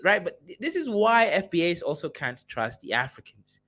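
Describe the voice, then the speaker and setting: A man hosting a livestream, giving sarcastic, animated reaction commentary. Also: high voice, moderate pace. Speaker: livestream host.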